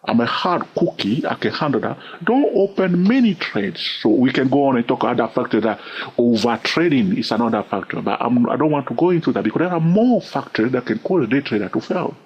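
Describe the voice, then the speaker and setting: Husky man with an accent teaching trading. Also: medium pitch, lively intonation, brisk. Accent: non-native English. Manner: repetitive, checks in with "all right?". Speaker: trading educator. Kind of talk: informal teaching talk. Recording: dull lo-fi recording.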